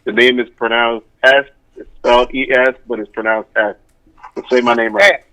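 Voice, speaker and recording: A man's voice: mid-range voice, expressive, brisk, pushed and bright, rough recording. A man from Canada, a musician guest on a radio show, explaining things in an easygoing way. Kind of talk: casual radio interview.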